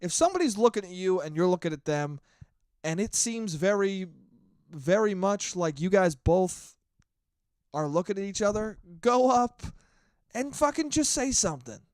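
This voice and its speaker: A young man hosts his own podcast in a dry, close-miked recording. His fairly high voice swings widely in pitch as he rants with plenty of swearing. He wanders from point to point in a loose, animated monologue. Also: moderate pace, no echo. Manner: animated, profane, rambling rant. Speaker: podcast host. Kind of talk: casual solo podcast monologue.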